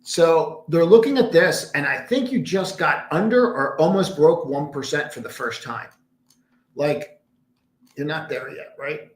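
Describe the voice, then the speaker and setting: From a room in his condo, a trading stream host talks a little slowly in a slightly high voice with lively intonation. He rambles emphatically through casual market analysis, muttering asides to his screen, and the recording has a roomy echo.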